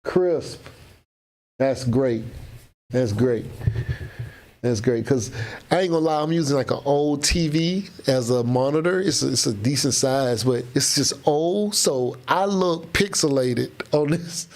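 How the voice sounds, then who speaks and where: A man's voice: fairly high pitch, normal speed, darkish tone. A man hosting a casual livestream, chatting loosely and greeting viewers by name. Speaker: livestream host.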